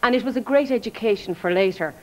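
An Irish woman guest on a live TV chat show, telling humorous stories in a chatty, lively way. Her voice sits in a middling pitch, with faint noise in the background. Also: fast talker, highs cut off. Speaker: guest, former show researcher.

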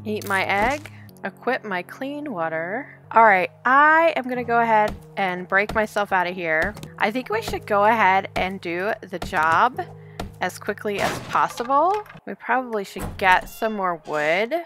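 A woman's voice: medium pitch, animated, measured pace, fairly bright tone, soft background music. A woman hosting a game let's play, chatting as she plays, talking to enemies, easily startled and often laughing. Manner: chatty, thinks aloud, talks to the enemies. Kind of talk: casual gameplay commentary.

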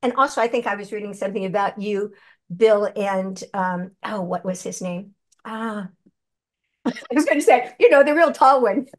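This older woman has a medium-pitched voice and talks at normal speed. A seasoned actress and voice performer, she's the guest in a conversational interview, telling stories in a chatty, animated way and acting out quotes.

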